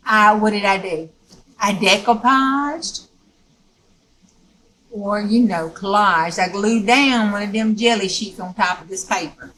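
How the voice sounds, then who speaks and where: A woman's voice: mid-range voice, a bit bright, low-quality recording. A woman teaching a step-by-step craft tutorial in a folksy, chatty way, often checking in with "okay?".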